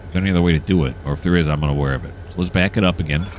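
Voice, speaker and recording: A man with a low, deep voice talks casually over his gameplay and walks the listener through each move. He sounds keen and chatty, and faint engine and game ambience hums behind him. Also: racing, a little hiss or hum. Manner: enthusiastic, explains each step as he plays. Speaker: gameplay streamer.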